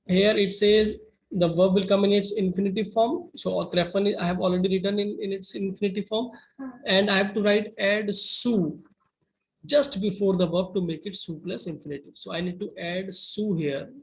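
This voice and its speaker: A man's voice: high-pitched, rough recording. A man teaching German grammar to students, going step by step through rules and often checking in with "right?". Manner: slow, methodical, with repeated "right?" checks.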